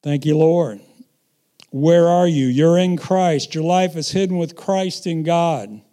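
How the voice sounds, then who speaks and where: A middle-aged man preaching a sermon, telling stories and swinging from quiet asides to loud, emphatic bursts. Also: a little high, slow pace.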